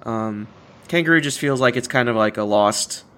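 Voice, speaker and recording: A young man with a mid-range voice and fairly bright tone runs a casual podcast at a moderate pace. His storytelling rambles, with frequent restarts and plenty of laughter.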